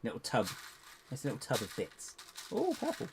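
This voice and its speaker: A man chatting to viewers in a casual building vlog, rambling to himself with playful squeaky exclamations. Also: fairly quick, background noise. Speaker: LEGO builder and channel host.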